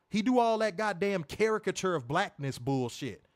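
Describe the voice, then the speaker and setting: Speaking fairly quickly in a high-pitched voice, a man co-hosts a show reviewing wrestling. His rant is loose and profane, with frequent swearing, voice mimicry, loud laughs, and lots of animation.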